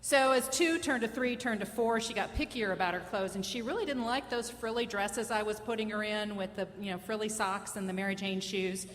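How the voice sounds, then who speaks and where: A woman's voice: medium pitch, brisk, few pauses, long reverb tail, a little hiss or hum. A woman in her fifties telling a personal story live on stage, conversational, wry and self-mocking.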